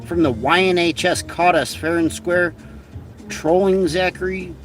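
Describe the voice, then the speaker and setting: A man's voice: high voice, steady tone, a little slow. A man hosting a livestream, delivering a rambling, profane, mocking satirical rant. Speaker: livestream host. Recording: distant from mic, faint music.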